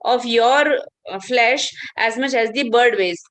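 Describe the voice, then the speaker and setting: A woman's voice: on the high side, takes it slowly. Woman telling the part of a kind protective king. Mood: reassuring. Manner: reassuring, calm. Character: kind, protective old-time male king.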